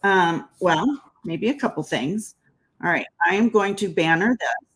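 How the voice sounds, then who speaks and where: A woman's voice: lowish voice, expressive, unhurried, a bit bright, slightly rough, low-quality recording. A woman giving a casual crafting tutorial, chatting as she works and laughing at her own slips. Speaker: card-making demonstrator.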